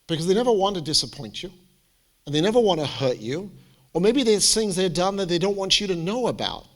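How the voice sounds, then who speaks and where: A man speaking as a college admissions adviser, giving a lively, theatrical presentation to students and parents. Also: high voice, a little fast. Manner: animated, theatrical, jokey storyteller.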